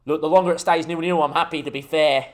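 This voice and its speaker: A young Australian man streaming a football management game, commentating the match live and getting excited at goals while talking to his chat. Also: a little high, fast. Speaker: gaming streamer.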